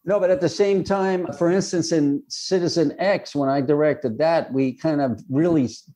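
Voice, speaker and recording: Mellow-voiced man, reflective screenwriter. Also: a little high, low-quality recording. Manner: thoughtful, reflective, fills pauses with "you know". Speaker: screenwriter and director, guest. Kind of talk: relaxed interview answers.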